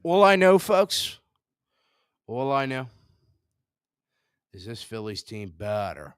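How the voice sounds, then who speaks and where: A young man hosting a sports show, ranting in frustration, jumping between loud outbursts and low mutters. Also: sing-song, slow, pauses often, smooth, no echo, clean studio sound.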